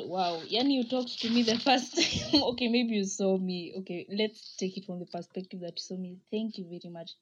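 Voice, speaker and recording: A woman's voice: mid-range voice, muffled recording. A young woman with a Kenyan accent, hosting a podcast and chatting casually as she reads out listener comments, laughing often and slipping Swahili slang into her English. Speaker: podcast host.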